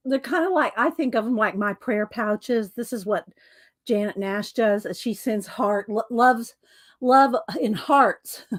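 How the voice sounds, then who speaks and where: Chatty woman with a scratchy throat. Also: a little high. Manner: chatty, greets viewers by name, frequent throat clearing. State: scratchy throat, struggling to talk. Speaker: craft channel host. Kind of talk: casual live-stream chat.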